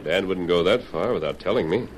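A man playing a deep, steady western hero. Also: brisk, slight background noise, close to an everyday voice. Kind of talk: 1940s radio acting.

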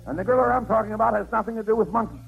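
A man playing the brisk, exasperated straight man in a 1940s radio comedy. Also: high voice, steady tone, vocal fry, breathy edge, narrow, tinny audio.

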